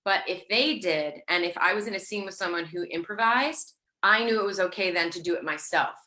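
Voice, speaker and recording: Her voice low-ish, brisk, pushed and bright, a guest actor in her thirties chats loosely in an interview. She rambles, leaning on fillers and often starting over.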